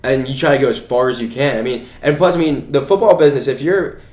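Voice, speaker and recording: A man's voice: mid-range voice, fast, a little mellow. Young guy rambling on a podcast, lots of you know and like, room echo. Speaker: podcast co-host. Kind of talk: casual chat. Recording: echoey room.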